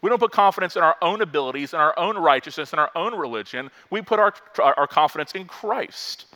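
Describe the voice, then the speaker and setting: A pastor from Florida preaching a lively sermon and acting out the quotes he reads. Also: fairly high pitch, quick pace.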